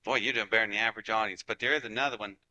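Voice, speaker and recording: A man's voice: lowish voice, steady tone, very fast, sharp tone, poor audio. A man in his forties from Ohio, telling a folksy story to an audience and acting out what people said. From Ohio, United States. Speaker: speaker giving a talk to an audience.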